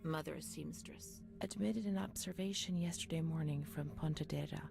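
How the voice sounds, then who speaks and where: A woman voicing a haunted game narrator who reads old asylum records in a hushed voice that often drops to a whisper. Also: low-pitched, moderate pace, vocal fry, music in the background. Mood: hushed uneasy. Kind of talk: scripted narration. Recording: game audio with noisy ambience.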